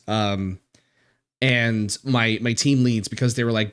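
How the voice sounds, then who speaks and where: A man streaming live, talking in a halting, emotional way with many restarts and swearing, close to tears. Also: medium pitch, smooth. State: near tears. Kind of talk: casual live-stream chat.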